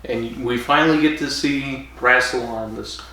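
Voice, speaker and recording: A man's voice: mid-range voice, steady tone, normal speed, bright, forceful tone, distant mic. A man co-hosting a casual podcast, cutting in with jokes and laughing often. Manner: joking interjections and frequent laughter. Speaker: podcast co-host. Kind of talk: casual chat. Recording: echoey room, off-mic, faint noise.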